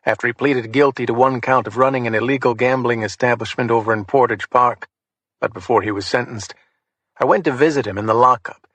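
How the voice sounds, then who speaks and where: A man narrating a crime thriller audiobook in the first person, steady and matter-of-fact. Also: mid-range voice, fairly quick, dry recording.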